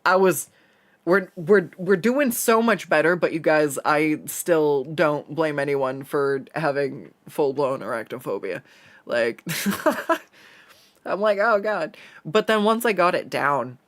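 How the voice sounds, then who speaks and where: Male art streamer, slightly high voice, loose rambling chat full of fillers. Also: animated, takes it slowly, fairly bright tone. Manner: rambling, chatty storytelling with many fillers and laughs. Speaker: artist streaming a drawing session. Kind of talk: casual chat while drawing.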